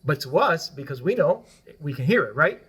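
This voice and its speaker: A man with a notably high voice talks through his points as a guest on a casual podcast. His first language is Spanish. He explains at length and tags his points with "right?". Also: very animated, normal speed, a bit bright, slightly rough. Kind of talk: casual political podcast discussion.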